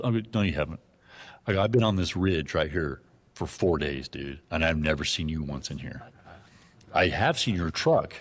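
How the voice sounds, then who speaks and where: A man telling a hunting story in a casual interview, animated and profane, acting out the voices of the people in it. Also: rumbling low, moderate pace, breathy edge. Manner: animated, profane, acts out dialogue in his stories. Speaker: guest.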